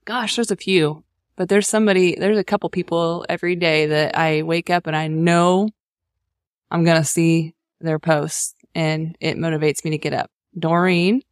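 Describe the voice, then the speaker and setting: Woman guest, upbeat, notably low pitch. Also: little pitch movement, normal speed, no room sound, studio quality. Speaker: podcast guest. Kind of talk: casual podcast chat.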